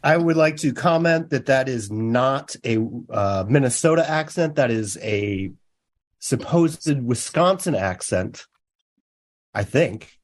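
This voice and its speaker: A man's voice: medium pitch, expressive, takes it slowly. A man in a casual podcast chat, curious and full of questions.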